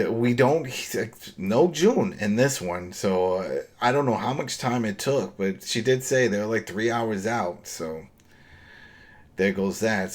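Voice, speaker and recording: A man co-hosting a podcast, recapping a TV episode in casual chat, rambling and acting out the characters' lines. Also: on the low side. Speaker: podcast co-host.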